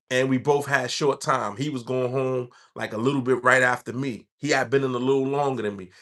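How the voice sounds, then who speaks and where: A man's voice: medium pitch, sharp tone. A man from the Bronx with a New York accent, telling a rambling street story in casual talk. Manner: streetwise, rambling, acts out quoted voices.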